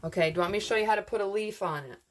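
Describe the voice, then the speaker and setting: A woman's voice: medium pitch, racing, background noise. A woman giving a casual, rambling live craft lesson on wreath making, chatting with viewers and answering their comments as she works.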